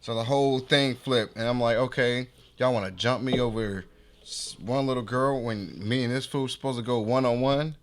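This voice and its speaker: Animated slangy man telling a story. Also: medium pitch, moderate pace. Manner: animated, slangy, acts out quoted voices. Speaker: podcast host. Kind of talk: casual storytelling.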